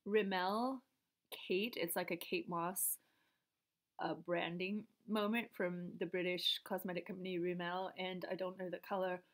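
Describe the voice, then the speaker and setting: A woman's voice: lowish voice, level tone, measured pace. Woman vlogger with a stuffy head cold, rambling read-aloud with offhand asides. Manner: drifts between reading aloud and chatty asides. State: congested from a cold. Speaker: vlogger reading her father's papers. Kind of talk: casual rambling talk and reading aloud.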